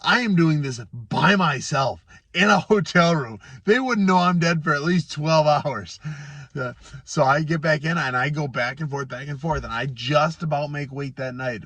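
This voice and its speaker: A man with a voice of middling pitch tells a story about himself, animated and self-deprecating. His volume rises and drops as he tells it. The sound is close and dry, with no room echo. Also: moderate pace. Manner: animated, self-deprecating, swings between loud and quiet. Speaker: former fighter telling a story. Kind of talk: casual storytelling.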